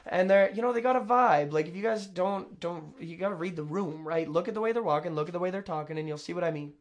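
Rambling high-voiced man commenting. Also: quick pace. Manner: rambling, self-interrupting, sarcastic asides. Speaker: commentator reacting to a video. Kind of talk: casual reaction commentary.

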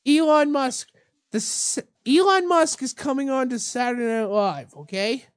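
A woman's voice: a little high, very animated, normal speed, no echo, clean studio sound. Young woman ranting as a mock radio host. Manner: mock-outraged, ranting, swearing. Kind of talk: satirical mock talk-radio rant.

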